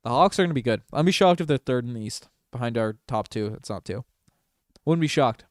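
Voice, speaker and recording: Excitable male fan streamer calling a game. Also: mid-range voice, brisk, no room sound, studio quality. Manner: excitable, swings from mumbling to shouting. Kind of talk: casual fan livestream commentary. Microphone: desk microphone.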